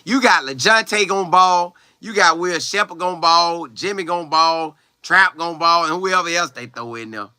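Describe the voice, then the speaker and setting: A young man livestreaming and reading viewer comments, talking loose and slangy with lots of exclamations. His voice sits fairly high and cuts through very brightly. The sound is dry and close, with no room around it. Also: unhurried, few pauses, clean tone, dry recording. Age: young adult. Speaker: college football player livestreaming. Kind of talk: casual live chat, reading viewer comments aloud.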